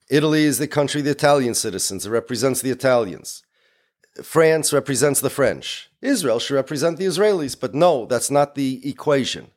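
Man, lecture, emphatic and explanatory, medium pitch. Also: lively intonation, brisk. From United States. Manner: emphatic and explanatory, with many Yiddish and Hebrew words. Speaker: speaker.

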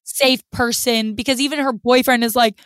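Woman co-host, fairly high voice, rambly filler-heavy chatter. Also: fairly even intonation, moderate pace, fairly bright tone, smooth, no echo. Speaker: podcast co-host. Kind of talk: casual chat.

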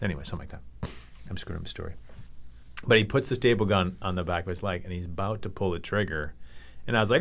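A man's voice: lowish voice, brisk, a bit bright. A middle-aged man from Minnesota telling a story in a profane, laughing way, acting out the other voices. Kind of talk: animated storytelling.

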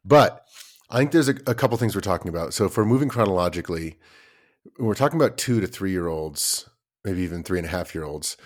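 A man in his thirties with a somewhat low voice, talking loosely on a parenting podcast. He rambles through his stories with plenty of fillers and drops the occasional curse. The tone stays easygoing and conversational throughout. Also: animated, brisk. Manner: swears casually. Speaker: podcast co-host. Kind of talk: casual chat.

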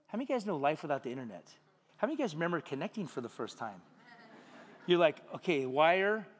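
A man preaching a sermon as pastor, animated, acting out little voices and jokes for the congregation. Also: on the high side, rapid-fire, slightly rough, in a large hall. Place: church sanctuary.

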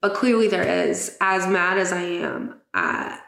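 Chatty giggly woman with gravelly voice. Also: on the low side, wildly swooping pitch, unhurried, fairly bright tone, echoey room. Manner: chatty, giggly, swears casually. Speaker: podcast host. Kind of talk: casual chat.

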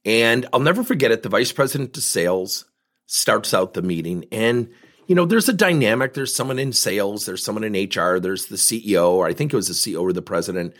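This sales coach talks a little fast in a lowish voice. He tells stories in a lively way, performing both sides of every exchange he recounts.

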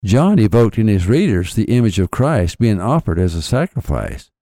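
A man with a lowish, warm voice lectures on poetry in a scripted podcast. His delivery is animated, and he slows to stress key phrases. The sound is dry and close. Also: no room sound. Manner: lecturing, deliberate emphasis on quotations. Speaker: author and podcast guest lecturer. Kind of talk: scripted literary commentary.

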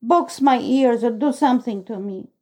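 A woman's voice: fairly high pitch, moderate pace, darkish tone, lightly acted, poor audio. A woman voicing a miserable, anxious young boy in an audiobook, speaking in a tearful, gloomy, fretful way. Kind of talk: audiobook character reading.

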